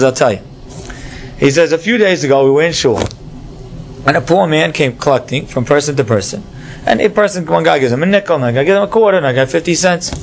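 Brief: male rabbi, slightly high voice, lively storyteller, faint room noise. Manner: animated storyteller, acts out voices in stories. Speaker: rabbi teaching a class. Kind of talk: Torah class with stories.

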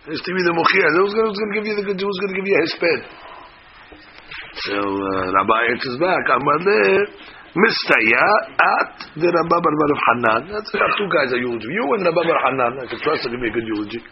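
Talmud teacher, male, brisk, casual explainer, lo-fi noisy tape. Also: fairly high pitch. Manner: reads Aramaic text quickly, then explains in casual English with rising emphasis. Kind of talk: Talmud study class, reading and explaining. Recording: dull lo-fi recording with steady noise.

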